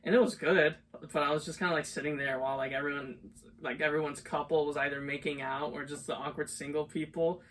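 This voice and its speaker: A man's voice: fairly high pitch, steady tone, fast, fairly bright tone. A young man co-hosting a podcast, telling stories in a rambling, casual way full of filler words. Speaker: podcast co-host. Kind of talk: casual chat. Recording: distant mic, faint background noise.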